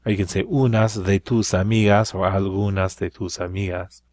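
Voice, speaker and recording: A man's voice: low-pitched, steady tone, normal speed, darkish tone, no room sound. A man teaching a recorded Spanish grammar lesson, explaining step by step and checking in with frequent "right?".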